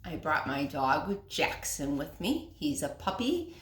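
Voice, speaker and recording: A woman teacher reading a picture book aloud to children, gently asking questions and explaining words. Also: deep voice, sing-song, slow pace, reverberant.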